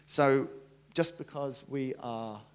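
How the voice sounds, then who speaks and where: A young man giving a conference talk, jokey and lively, acting out quotes as he tells stories. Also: mid-range voice, slow, clean tone. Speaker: conference speaker, brand writer. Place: conference stage.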